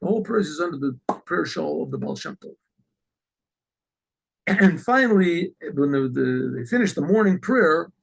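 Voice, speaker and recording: A man, a rabbi, telling a religious story in an animated way, often clearing his throat. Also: fairly high pitch, rough recording.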